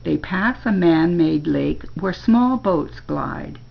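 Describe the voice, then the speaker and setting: Slow, gravelly grandmother storyteller. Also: lowish voice, animated, lo-fi sound. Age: older. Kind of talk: reading a children's story aloud.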